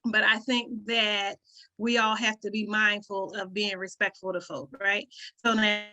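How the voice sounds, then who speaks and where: Hosting an online community call, a rural Southern woman with a country twang talks to the group conversationally, often tossing in "right?" and laughing occasionally. She keeps a medium pitch, a level tone and a measured pace, sounding bright and forceful.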